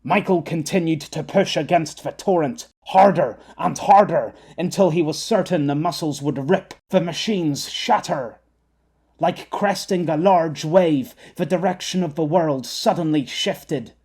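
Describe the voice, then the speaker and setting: A man narrating an audiobook in a measured storytelling manner. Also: a little high, a little mellow, husky. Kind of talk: scripted narration.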